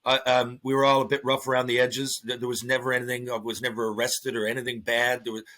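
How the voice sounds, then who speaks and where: Bright-voiced middle-aged man telling stories. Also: mid-range voice, quick pace. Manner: animated storyteller, swears freely, acts out quotes. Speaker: podcast guest, former hockey player. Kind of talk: casual storytelling interview.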